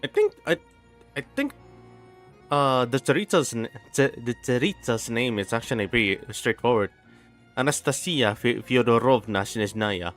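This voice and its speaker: A young man streams a game and talks casually, trailing off and starting his sentences again. He works through hard names slowly, sound by sound. His voice sits at an ordinary middle pitch, with faint music playing behind him. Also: expressive, a bit bright. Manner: rambling, many restarts, sounding out words.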